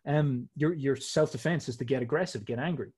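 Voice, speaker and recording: A man's voice: medium pitch, brisk, a little mellow, husky. A man talking casually and emphatically, explaining old myths in slangy, swearing speech.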